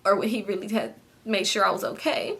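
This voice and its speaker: A woman's voice: medium pitch, brisk, gravelly, a bit bright, slightly rough. A woman vlogger telling a casual, profane story to her viewers, filling her speech with "like" and calling them "y'all". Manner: chatty, profane, fills speech with "like".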